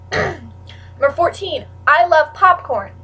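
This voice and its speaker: A teenage girl chatting casually to camera in a rambling way, full of "like" and with sudden loud outbursts. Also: sits high, expressive, takes it slowly, far from the mic, background noise. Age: teens. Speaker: vlogger.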